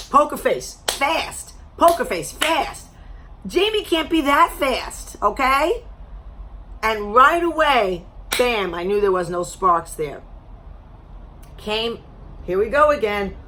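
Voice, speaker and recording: A woman vlogger telling a story to camera in a blunt, animated way, swearing freely, her voice a little strained as she loses it. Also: mid-range voice. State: losing her voice.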